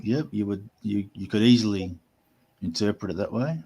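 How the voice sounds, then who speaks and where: A man's voice: fairly low pitch, normal speed, mellow, slight background noise. A man from New Zealand, a guest on a live chat panel, talking in a dry, polite, wry way. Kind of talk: casual chat.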